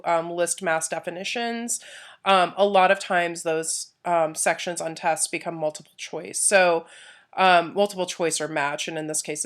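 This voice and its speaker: A young woman teacher records a relaxed review for a Spanish test, using many "um" fillers and repeating key points. Her voice is mid-range, and she pronounces the Spanish words with a Castilian accent.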